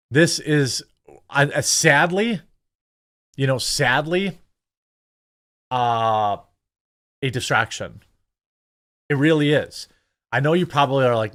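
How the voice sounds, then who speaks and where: A man hosting casual political commentary, talking in an animated, sarcastic way with lots of fillers. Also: medium pitch, slow, long pauses. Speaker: political commentator, channel host.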